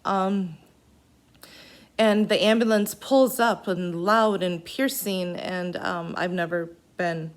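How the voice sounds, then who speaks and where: A woman recounting a personal event in an unscripted way, halting and earnest, with pauses. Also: fairly low pitch.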